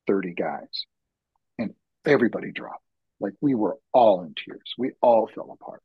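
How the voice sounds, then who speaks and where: A husky-voiced man talks earnestly and reflectively about his work guiding men's retreats. His voice sits at an ordinary male pitch, and he lets his stories build slowly. The recording is dry and a little dull. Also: no echo. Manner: reflective, heartfelt, slow-building. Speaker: podcast guest, men's retreat facilitator. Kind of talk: earnest personal storytelling.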